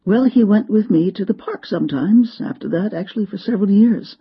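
Woman speaker, inspirational storyteller, husky and expressive, dull lo-fi recording. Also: mid-range voice, a little fast. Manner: expressive, dramatic, acts out quotes. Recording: dull lo-fi sound.

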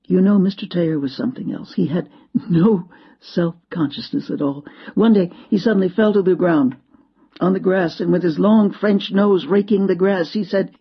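Woman doing a motivational story talk, husky voice, dramatic delivery, muffled lo-fi sound. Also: on the low side, moderate pace. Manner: expressive, dramatic, acts out quotes. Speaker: speaker. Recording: dull lo-fi sound.

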